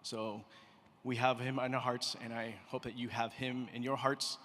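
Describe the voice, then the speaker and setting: A man giving a soft, heartfelt acceptance speech on behalf of an honoree's family. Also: medium pitch, level tone, moderate pace. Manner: heartfelt, softly spoken thanks. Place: event hall stage. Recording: reverberant hall with faint room noise.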